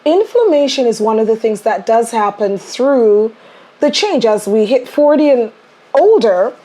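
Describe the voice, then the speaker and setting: Female podcast host, a little higher voice, lively and upbeat in conversation. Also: a little slow. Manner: enthusiastic, animated storyteller.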